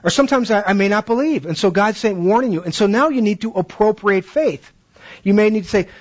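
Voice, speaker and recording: Husky high-voiced man teaching. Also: animated, brisk, lo-fi sound. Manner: acts out classroom exchanges, asks questions. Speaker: Bible teacher training teachers. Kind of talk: conversational teaching talk.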